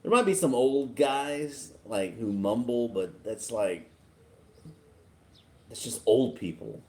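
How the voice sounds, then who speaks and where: A relaxed man from Texas hosts a casual live stream, answering viewer comments at an unhurried pace. He rambles easily and chuckles along as he talks. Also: medium pitch. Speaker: livestream host.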